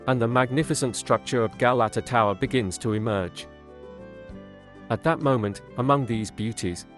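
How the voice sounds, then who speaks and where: A man calmly narrating a scripted storybook tale in a measured way. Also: mid-range voice.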